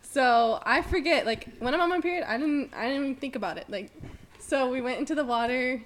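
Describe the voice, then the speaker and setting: A young woman guest telling a funny story in a relaxed way and building to the punchline. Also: high-pitched, fairly quick. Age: young adult. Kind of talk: casual chat.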